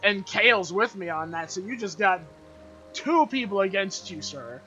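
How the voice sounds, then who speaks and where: A young man hosting a live stream, chatting casually with friends in a teasing, animated way, full of fillers. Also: high voice, moderate pace, soft background music. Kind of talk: casual chat among friends. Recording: slightly muffled mic with faint noise.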